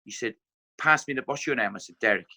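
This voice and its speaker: A middle-aged man with an Irish accent, a former footballer telling animated anecdotes as a podcast guest, acting out what others said. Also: medium pitch, fast. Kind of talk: casual podcast storytelling.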